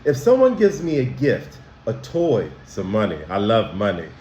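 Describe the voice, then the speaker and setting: A man, a school counselor, teaching children about manners in a slow, emphatic way, asking them questions directly. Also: on the low side, wildly swooping pitch, a little mellow, reverberant, slight background noise.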